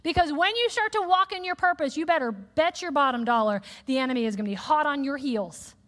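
A woman preaching a sermon in a lively, conversational way, acting out little quoted voices as she speaks to the congregation. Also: high-pitched, fairly quick. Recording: long reverb of a large hall.

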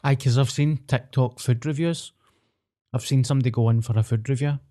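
A man's voice: mid-range voice, steady tone, fairly quick, mellow. A man with a Scottish accent, co-hosting a podcast in a laid-back, joking, sweary way. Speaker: podcast co-host. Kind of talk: casual chat.

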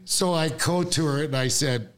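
A man's voice: fairly high pitch, normal speed. A man telling a personal story as a podcast guest, acting out the voices of the people in it. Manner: animated storyteller, acts out quoted voices. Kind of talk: storytelling in casual chat.

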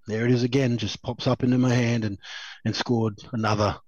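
This lo-fi clip with no echo features the same kind of talker: a thirty-something Australian ex-rugby league player telling meandering stories in a laid-back interview, chuckling often and leaning on "um" and "you know." His delivery is brisk and flat, medium in pitch, with a somewhat dark tone.

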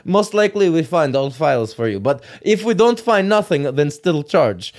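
Guy doing a pushy russian tech repair dude, broken english, higher voice. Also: big pitch swings, moderate pace, a little mellow. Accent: put-on Russian.

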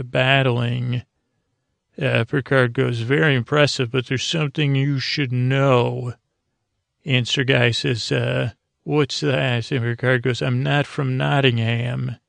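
Male bedtime podcast host: heavy vocal fry, dry close sound, drowsy rambling recap delivery. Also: medium pitch, slow, dry recording. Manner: drowsy, meandering, many fillers and restarts; reads quoted lines flatly in his own voice. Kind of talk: slow bedtime recap of a TV episode.

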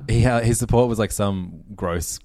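A man's voice: on the low side, moderate pace, darkish tone, dry recording. A man co-hosting a food podcast, talking in a rambling, profane way and laughing often. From Australia. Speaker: podcast co-host. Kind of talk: casual podcast chat.

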